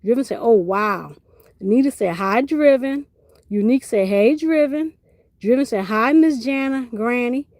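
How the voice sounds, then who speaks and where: A woman hosting a casual livestream, reading viewer comments aloud and greeting people by name with bursts of excitement. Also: on the high side, moderate pace, no room sound. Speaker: livestream host.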